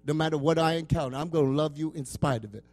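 High-voiced passionate man preaching. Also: fast talker, faint music behind. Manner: passionate, swinging between loud preaching and soft asides. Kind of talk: sermon.

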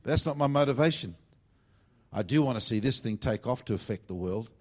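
Preaching a revival sermon at a church meeting, this man speaks a little fast and expressively in a middle-range voice. Fervent, loud outbursts give way to quiet, confiding asides.

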